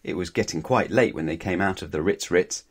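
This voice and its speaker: Gentle and playful, a man reads a children's story aloud in a voice sitting slightly low for a man, with an easy, friendly lilt on each line. He never feels rushed, though his pace is fairly quick.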